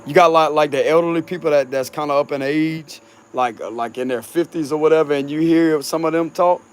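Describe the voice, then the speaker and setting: A man's voice: on the high side, steady tone, brisk, clear, resonant tone. A man with a Cajun accent chatting casually with his supporters as a tarot reader, outdoors on a hot night. He is laid-back, laughs a lot and swears freely. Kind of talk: casual rambling chat.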